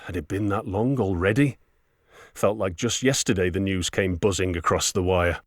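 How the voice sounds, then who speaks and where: Guy reading an audiobook, really low voice, dry close mic. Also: moderate pace, dry recording. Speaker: audiobook narrator. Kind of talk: scripted narration.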